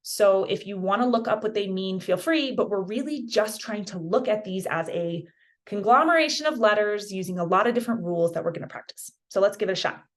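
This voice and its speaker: A woman teaching a beginner Spanish pronunciation lesson in a casual, encouraging way, saying example words slowly and carefully. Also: mid-range voice.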